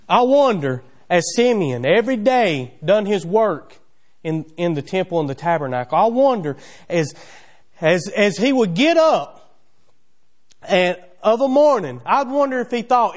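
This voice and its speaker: A man preaches a sermon in a church. His voice sits high and swings widely as he retells the story with homespun wondering questions. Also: very animated, unhurried, long pauses. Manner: folksy, imaginative storytelling with rhetorical questions. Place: church sanctuary.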